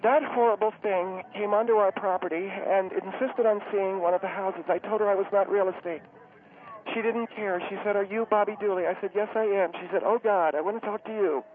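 A man voicing a high-strung, well-to-do woman who talks haltingly with many fillers. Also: steady tone, close to an everyday voice. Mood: flustered. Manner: halting, hesitant, many fillers, later panicky and breathless. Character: fussy upscale woman, community spokeswoman, high-strung. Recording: tinny phone-line radio sound.

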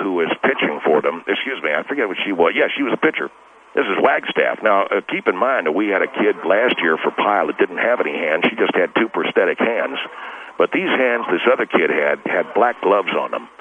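A man playing a blustery, long-winded middle-aged girls' softball coach with a Texas accent, calling into a radio comedy bit, rambling and correcting himself defensively. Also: low-pitched, animated, a little fast. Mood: blustering. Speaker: caller. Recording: tinny phone line with faint hiss.

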